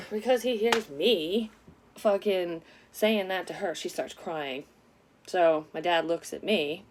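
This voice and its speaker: Low-voiced woman telling a story casually. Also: a little hiss or hum. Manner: candid, frequent swearing, animated retelling. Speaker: psychic vlogger telling a personal story.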